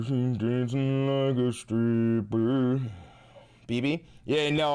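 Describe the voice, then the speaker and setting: A man streaming live and talking straight to his viewers. His voice sits at an ordinary middle pitch, and he swears freely while tossing off sarcastic asides about the headlines. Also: drawn-out words, mellow, clear, resonant tone. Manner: profane, sarcastic ranting. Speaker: live streamer and political commentator. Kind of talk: casual livestream commentary.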